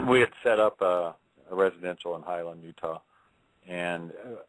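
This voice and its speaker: A male guest with a very low, deep voice, heard dry with almost no room sound. He explains things in a halting, measured way during a radio interview. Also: dry recording, low-quality recording. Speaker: paranormal investigator guest.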